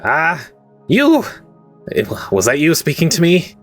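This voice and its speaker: A man voicing a nervous, excitable male kobold cultist in a tabletop game, with jittery, squeaky outbursts. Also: a little slow, vocal fry, husky, soft background music, full character voice. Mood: awed.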